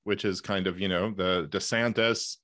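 A man's voice: sits low, fairly even intonation, normal speed, fairly bright tone, no room sound. Man, podcast host, casual interview chat, emphatic, rambling, dry sound. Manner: conversational, emphatic, rambling asides.

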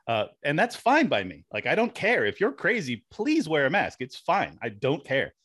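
A man's voice: on the high side, moderate pace, slightly rough, dry recording. A young man, a podcast guest, chatting casually and telling stories with animation and frequent laughs. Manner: animated storyteller, laughs often. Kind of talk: casual interview chat.

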